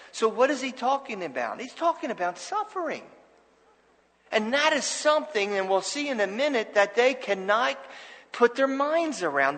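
A man's voice: high-pitched, fairly bright tone, big-room sound, poor audio. A man preaching a sermon as pastor, earnest and conversational, with restarts and asides to the congregation.

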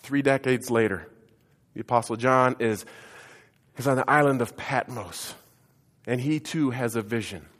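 A man preaching a sermon to his congregation, leading call-and-response and swinging between loud declarations and hushed lines. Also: mid-range voice, normal speed, pauses often. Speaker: pastor. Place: church sanctuary. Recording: echoey church hall.

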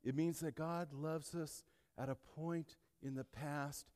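A man preaching a sermon as pastor, swinging from quiet storytelling to shouted, rising climaxes. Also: on the high side, steady tone, slow, long reverb tail.

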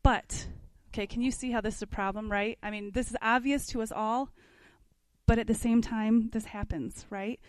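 Woman teacher, fairly high voice, reads aloud and asks the group questions, dry sound. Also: steady tone, normal speed, dry recording. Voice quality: conversational, asks the class questions. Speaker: parenting class teacher. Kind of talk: reading aloud from a book and commenting.

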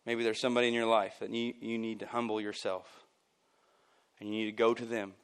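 A man preaching a sermon at a church service. His voice jumps high and loud on his points, then falls low and quiet. Between those points he drops in casual asides with a chuckle. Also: fairly quick, clean tone. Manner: animated and emphatic, swinging from loud bursts to near-quiet. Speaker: pastor.

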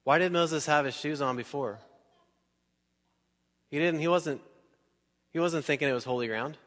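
A male pastor preaches in a relaxed, chatty way, firing questions at the congregation and slipping into quick acted bits. His pitch sits at a middling level. His voice carries through a large church hall with a long trailing reverb. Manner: conversational and animated, asks the crowd questions, acts out scenes. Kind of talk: sermon.

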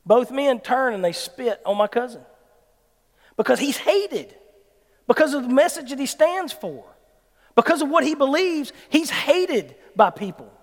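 A man with a Southern American accent preaching a sermon as an animated storyteller. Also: extremely high pitch, a little slow. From Mississippi, US South. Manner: animated storyteller who acts out quoted people. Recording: long hall reverb.

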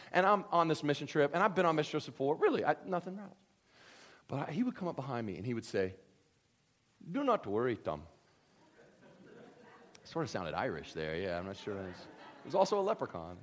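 A man preaching a sermon, animated and humorous, swinging between loud excited bursts and hushed, quiet emphasis. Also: mid-range voice. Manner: humorous storytelling asides. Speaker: pastor.

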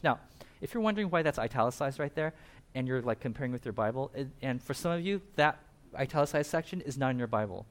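A man preaching a casual sermon, retelling a Bible story with animated asides and quick voiced bits for the characters. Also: mid-range voice. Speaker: pastor.

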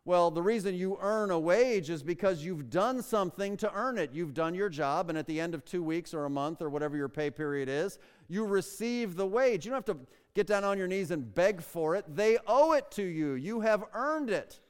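A man's voice: high voice, animated, moderate pace, few pauses, clear, resonant tone. A man preaching a sermon as pastor, emphatic and full of rhetorical questions, stretching out key words for stress. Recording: long reverb of a large hall.

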